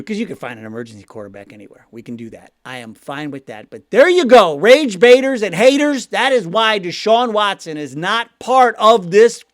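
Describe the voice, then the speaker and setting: A man with a Cleveland accent hosting a fan show, chatty and animated, laughing often as he reads viewer comments. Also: fairly high pitch, no echo, studio quality. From Ohio. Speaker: sports podcast host reading viewer comments. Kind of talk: casual fan talk show.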